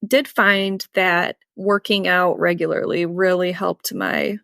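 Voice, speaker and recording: A woman's voice: lowish voice, flat delivery, slow pace, creaky, a bit bright, dry recording. Frank, dry-sounding farm woman chatting. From Indiana. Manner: candid, frank, laughs easily. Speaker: podcast co-host, farmer. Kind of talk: casual podcast chat.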